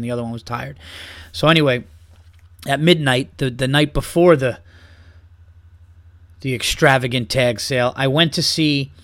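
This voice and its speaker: A podcast host rants casually and comedically, swearing often and heatedly mocking people in a profane way. His mid-range voice has a fairly bright tone, captured as clean studio sound with no room sound.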